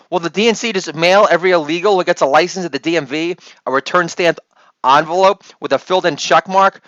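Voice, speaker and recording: A man doing a brash, rambling solo comedy monologue and shouting out catchphrases. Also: sits high, dry recording. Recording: dull lo-fi dry recording.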